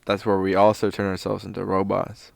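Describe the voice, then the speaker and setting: A young man with a lowish, gravelly voice tosses out goofy, slangy ideas on a casual podcast and keeps calling his friend bro. He sounds a bit tipsy, and the sound is dry and close-miked. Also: completely flat delivery, a little fast, no echo. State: intoxicated. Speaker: podcast co-host. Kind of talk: casual chat.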